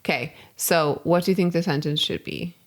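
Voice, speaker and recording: A woman's voice: low-pitched, moderate pace. A woman co-hosting a comedy podcast, explaining a silly game in a chatty, casual way and swearing freely. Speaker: podcast co-host.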